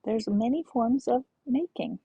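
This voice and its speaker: A young woman game streamer chatting casually and excitedly, gushing greetings to her viewers with a breathy voice. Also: on the high side, measured pace, no echo, low-quality recording. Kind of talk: casual live-stream chat.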